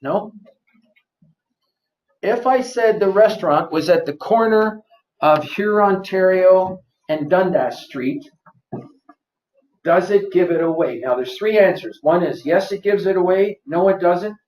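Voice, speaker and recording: A man's voice: high voice, measured pace, a little mellow, slight background noise. A man presenting a live seminar workshop, quizzing the audience and repeating his points to drive them home. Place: office seminar room. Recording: roomy, distant, dull lo-fi.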